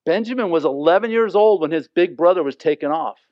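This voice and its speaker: A man's voice: fairly high pitch, animated, a little fast, no echo. Earnest man teaching scripture, dry sound. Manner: earnest, asks listeners to imagine the scene. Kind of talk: conversational Bible teaching. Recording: dry, slightly dull lo-fi sound.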